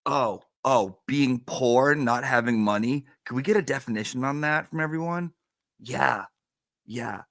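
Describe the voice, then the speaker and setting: A man's voice: mid-range voice, measured pace, fairly bright tone, no echo. A man hosting a live stream, chatting casually and emotionally with fillers.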